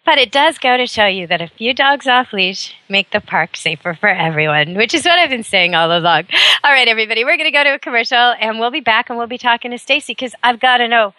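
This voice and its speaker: A woman's voice: fairly high pitch, expressive, fast talker, sharp tone, no room sound. A woman hosting a talk radio show, telling a story in an emphatic, opinionated monologue.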